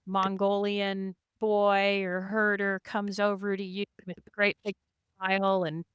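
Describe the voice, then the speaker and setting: A woman appears as a podcast guest, an endurance race rider chatting and laughing through casual stories of her rides, with plenty of "you know" and "like." Her mid-range voice is flat, measured, fairly bright, and smooth. The studio-quality recording has no room sound.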